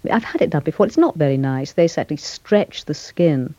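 An older woman talks through her acting work in an interview, pausing and restarting as she gathers her thoughts. Her voice is mellow and warm, recorded close and dry with a slightly dull, lo-fi radio tone. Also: low voice, expressive, no echo. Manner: thoughtful, hesitant, with frequent fillers and restarts. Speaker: actress, interview guest. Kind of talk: reflective interview conversation.

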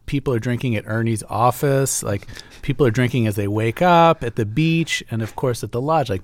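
A man's voice: mid-range voice, no room sound. A man interviewing an author in a conversational way, laughing easily and later reading a passage aloud. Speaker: radio interviewer.

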